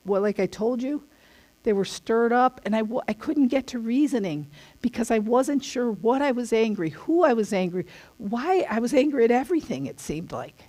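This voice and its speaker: A woman's voice: medium pitch, dark tone. Earnest, emphatic middle-aged woman teaching. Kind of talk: casual spoken teaching.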